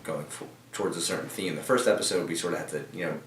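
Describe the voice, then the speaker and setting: Low-pitched and fast, this young male team member rambles through a casual office interview, full of fillers and restarts. The distant recording picks up room echo and a little background noise.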